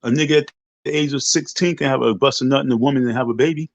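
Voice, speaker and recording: A man's voice: medium pitch, fairly even intonation, fast talker, dry recording. A man hosting a casual livestream rant, talking emphatically and preachily, repeating his points and swearing freely. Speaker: livestream host. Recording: dull lo-fi dry sound.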